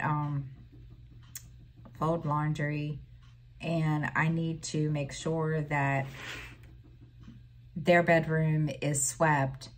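A woman's voice: low voice, slight background noise. A middle-aged woman vlogging in casual chat, rambling with many fillers and restarts, telling an exasperated story with sighs.

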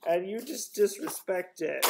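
Man, lottery ticket vlogger, giggly and laughing, slow and drawn out, at home. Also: sits high, very animated, creaky, noisy background. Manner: giggly, keeps breaking into helpless laughter. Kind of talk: casual chat while scratching tickets.

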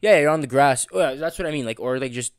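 A man's voice: medium pitch, quick pace, no room sound, clean studio sound. A young man co-hosting a podcast, easygoing and slangy, asking short questions in casual chat. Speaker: podcast co-host.

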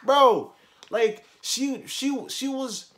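Over heavy background noise, a young man with a very high voice speaks very slowly while telling a school story in a casual vlog. He's animated and full of slang and swearing, switching between loud outbursts and muttered asides.

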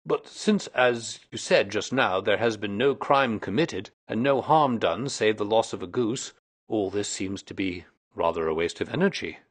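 A man's voice: on the low side, moderate pace, natural voice. A man reading aloud voices a mild, mildly skeptical male companion who questions the detective. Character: mild, doubting Victorian male doctor companion.

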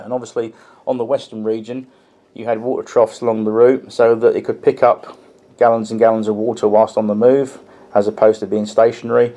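A man with a mellow, mid-range voice reviews a model locomotive in a casual, chatty manner. Explaining the details hands-on, he frequently says "um" and restarts his sentences.

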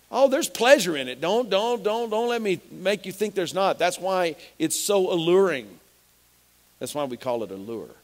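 Man, middle-aged pastor, high voice, emphatic sermon, repeats himself. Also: expressive, normal speed. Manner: repetitive, emphatic preaching with stammered restarts.

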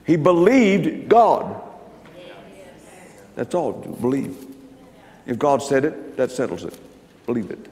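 A man's voice: medium pitch, expressive, moderate pace, pauses often, mellow. An older man preaching, telling stories in a folksy, emphatic way. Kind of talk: sermon storytelling. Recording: long hall reverb.

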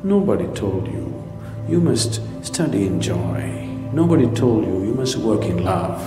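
A man's voice: lowish voice, sing-song, a little slow. A man giving a spiritual talk, asking rhetorical questions and slipping in jokes. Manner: rhetorical questions, joking asides. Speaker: spiritual teacher. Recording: reverberant hall with soft music.

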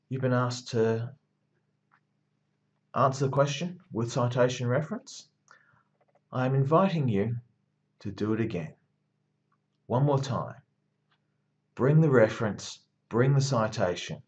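A man's voice: mid-range voice, darkish tone. Rousing male lecturer, lo-fi recording. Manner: rousing, emphatic, repetitive pep talk. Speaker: university marketing lecturer.

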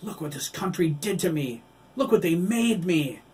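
A man's voice: fairly high pitch, expressive, moderate pace, slight background noise, voice pushed up, natural voice. A man doing a furious, despairing cyborg. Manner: shouting in rage and despair. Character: anguished cyborg young man, bitter, self-loathing.

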